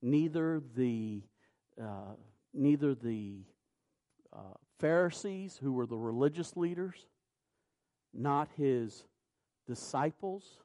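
A man preaching a sermon, reading scripture in a measured cadence and rising to loud, emphatic peaks. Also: medium pitch, expressive.

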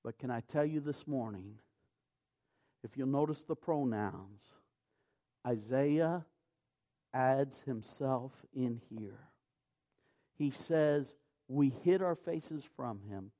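A man preaching a sermon, moving from quiet, slow scripture reading to loud, impassioned preaching. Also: medium pitch. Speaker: pastor.

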